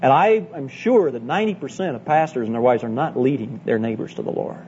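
A middle-aged Bible college teacher, mid-range and a little mellow, speaks slightly fast with lively intonation. His earnest conference sermon to church leaders is packed with personal stories and direct appeals, preserved on dull lo-fi tape with a faint hum.

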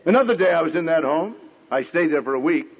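Middle-aged male preacher, high husky voice, wildly animated delivery, acts out characters, muffled radio-era recording. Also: in a large hall. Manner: dramatic pauses, acts out quoted voices. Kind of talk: sermon.

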